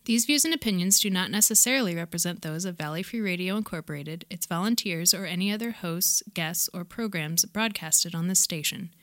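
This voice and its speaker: A woman reading a station disclaimer in a measured, formal way. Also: fairly low pitch, a bit bright, dry recording, studio quality. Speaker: station announcer. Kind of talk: read disclaimer.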